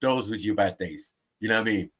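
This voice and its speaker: A man's voice: lowish voice, brisk, a bit bright. A man, hosting a stream and teasing a co-host in casual banter. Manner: teasing, slangy, breaks into voices and song. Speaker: livestream host.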